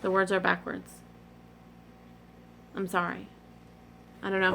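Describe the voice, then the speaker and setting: A woman's voice: medium pitch, steady tone, normal speed, gravelly, long pauses, sharp tone, slight background noise. A middle-aged woman rambling in a casual, digressive chat to her vlog audience, often apologizing in asides. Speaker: cross-stitch vlogger.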